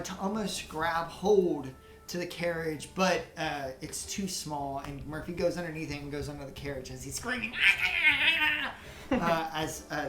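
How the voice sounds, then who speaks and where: Giggly woman game master, echoey room. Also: low voice. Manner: giggly, rambling narration with many restarts. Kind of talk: narrating a tabletop game.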